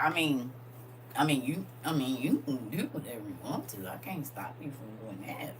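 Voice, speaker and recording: A woman giving casual spiritual advice in a folksy way, calling listeners baby and honey, shifting from hushed asides to loud emphatic bursts. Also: low-pitched, big pitch swings, fairly quick, slight background noise. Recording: voice a bit distant from the mic.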